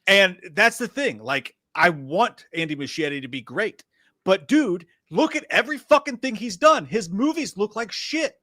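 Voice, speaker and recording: A man's voice: sits high, animated, moderate pace, bright, forceful tone, dry recording, studio quality. A man co-hosting a live movie stream, ranting bluntly with heavy swearing. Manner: blunt, profane, heated ranting. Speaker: co-host. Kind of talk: casual live-stream chat.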